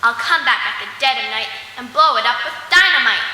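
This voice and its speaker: A woman's voice: a little high, lively intonation, a little fast, bright, forceful tone. A woman voicing a greedy, boastful male wolf in a recited story poem, gloating and threatening, in an echoey hall.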